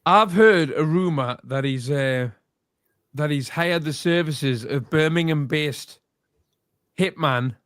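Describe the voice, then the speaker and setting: Brief: man, high voice, dry close mic, deadpan joker. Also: slow, dry recording. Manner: dry joking, swearing. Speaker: co-host. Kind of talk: casual chat.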